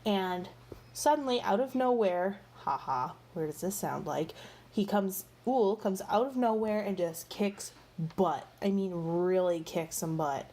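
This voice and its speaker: A woman's voice: mid-range voice, expressive, measured pace, warm tone. Chatty woman rambling through a book review. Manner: rambling, filler-heavy retelling with frequent "like" and "you know"; exasperated, gossipy storytelling.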